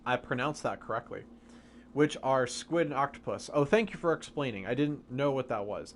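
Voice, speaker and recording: A man's voice: medium pitch, expressive, moderate pace, a little hiss or hum. A young man live-streaming a game, casually and patiently explaining science questions from chat.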